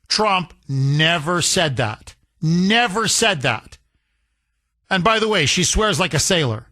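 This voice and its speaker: A male talk radio host with a high, bright, forceful voice, delivering a combative monologue. He talks at a slow, deliberate pace and repeats phrases for emphasis. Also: animated.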